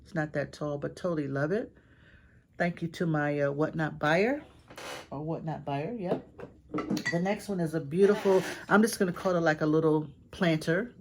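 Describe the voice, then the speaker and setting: A woman's voice: low-pitched, normal speed, background noise. A woman reselling antiques, chatting casually to viewers while showing off items and gushing with repeated praise. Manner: chatty, addresses viewers directly. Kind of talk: casual haul show-and-tell.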